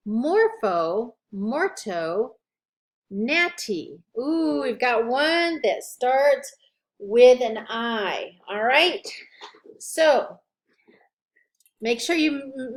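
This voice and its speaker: A woman instructor giving a recorded lecture, drawing out each term with slow, deliberate enunciation. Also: a little high.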